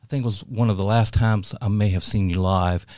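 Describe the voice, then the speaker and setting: A man's voice: fairly low pitch, steady tone, a little fast, darkish tone, dry recording. A man hosting a casual studio interview, effusive and full of compliments for his guest. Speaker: podcast host and interviewer.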